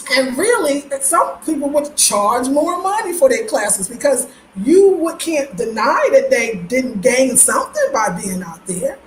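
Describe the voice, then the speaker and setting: A woman's voice: sits high, slight background noise. A middle-aged woman hosting a casual livestream, greeting viewers by name and speaking bluntly and emotionally about respect. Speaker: livestream host. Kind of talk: casual live-stream chat. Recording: roomy echo.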